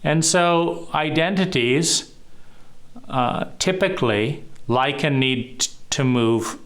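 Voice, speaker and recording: A man giving a reflective solo talk on trauma, measured and pausing often. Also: on the high side, a bit bright. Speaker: trauma educator.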